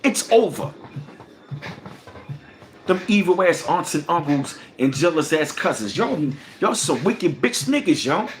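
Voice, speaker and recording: Ranting on his livestream, a man curses furiously and circles back over the same points, alternating between shouting and mumbling. His pitch swings widely, though his pace stays measured.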